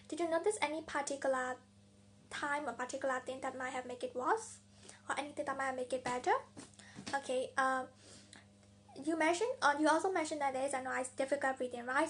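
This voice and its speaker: High-voiced woman doctor taking a history. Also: fairly bright tone, slight background noise. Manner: hesitant questioning, often restarts and repeats questions. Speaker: doctor in a practice clinical exam. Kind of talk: clinical history-taking role-play.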